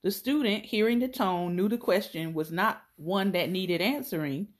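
A woman's voice: medium pitch, moderate pace. A woman podcast host reading entries from a phrase book aloud on a live stream, laughing and adding chatty asides to her viewers.

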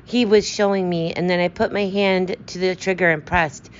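Woman reading a scared widow with a secret, tense and pleading, lowish voice, dull recording. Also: fairly quick, a little hiss or hum, close to an everyday voice. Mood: hysterical. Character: frightened grieving widow, secretly guilty.

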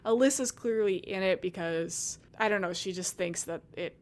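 A woman's voice: mid-range voice, moderate pace. A woman chatting casually about a story, animatedly acting out the characters' lines. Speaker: co-host discussing a story. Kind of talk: casual chat.

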